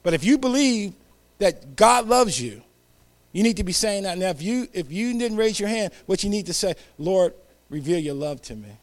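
A man preaching a sermon, leading call-and-response and dropping to whispered hallelujahs between loud calls. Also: high voice, animated, moderate pace.

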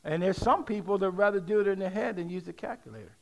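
A middle-aged man preaching a sermon, leading call-and-response and rising to shouts. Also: high-pitched, fast, creaky. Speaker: pastor.

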